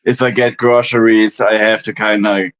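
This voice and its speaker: A man's voice: fairly low pitch, flat delivery, normal speed, fairly bright tone. A man chatting casually on a live stream panel from home, rambling with lots of fillers and restarts. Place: home in Germany. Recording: dull lo-fi stream audio.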